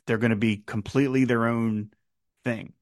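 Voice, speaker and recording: A man's voice: mid-range voice, steady tone, moderate pace, dry recording, clean studio sound. A man in his fifties hosting a podcast, musing casually about a song with many fillers and restarts. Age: 50s. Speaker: podcast host.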